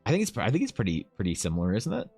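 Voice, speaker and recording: A man's voice: on the low side, rapid-fire, vocal fry, husky, faint music behind. A young man, streaming and chatting casually with his viewers, rambling and swearing freely. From Canada. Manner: rambling, animated, swears freely, lots of fillers.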